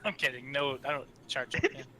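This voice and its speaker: A man's voice: mid-range voice, expressive, normal speed, sharp tone, a little hiss or hum. A man playing a tabletop game, cracking dry, teasing jokes. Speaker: player.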